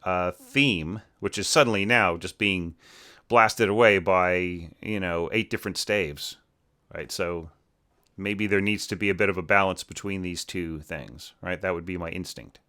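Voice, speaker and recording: Bright-voiced man critiquing orchestral scores. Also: deep voice, a little slow. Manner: thinking aloud, many fillers and tag questions; sings rhythms with syllables. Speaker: orchestration teacher reviewing student scores. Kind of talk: casual spoken critique.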